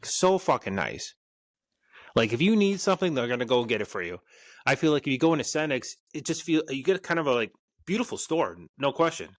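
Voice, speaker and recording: A man, co-hosting a podcast in casual chat, animated and swearing freely. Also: mid-range voice, a little fast, no echo, clean studio sound. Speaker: podcast co-host.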